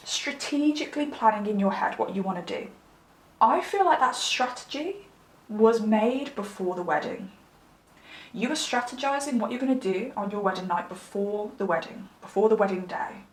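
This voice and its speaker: A woman's voice: medium pitch, roomy sound, poor audio. A woman giving a pick-a-card tarot reading in an affectionate, chatty, rambling way with lots of fillers, a little under the weather. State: slightly unwell. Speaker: tarot reader.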